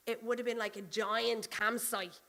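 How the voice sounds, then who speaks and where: A woman pastor preaching a sermon, chatty and animated, telling personal stories and often laughing as she goes. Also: a little high, normal speed.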